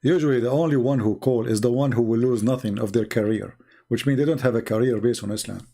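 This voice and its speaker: Gravelly-voiced man hosting a live stream. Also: mid-range voice, fast talker, dark tone. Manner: retells exchanges, acting out quotes in a raised voice; repeats words and restarts sentences. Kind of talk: live-streamed debate talk.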